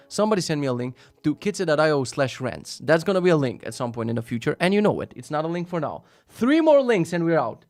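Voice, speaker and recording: A male live-streamer with a somewhat high voice talks casually as he reads through links from viewers. His delivery is sarcastic and full of swearing, rising to loud rants and then dropping to mutters. Faint music plays behind him. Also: sing-song, quick pace, few pauses, no room sound. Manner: profane, sarcastic, swings between loud rants and mumbled asides.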